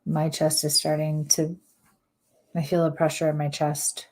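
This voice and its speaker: A woman working as a medium, giving a live psychic reading in a halting, hesitant way with many fillers. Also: sits low, completely flat delivery, a little mellow.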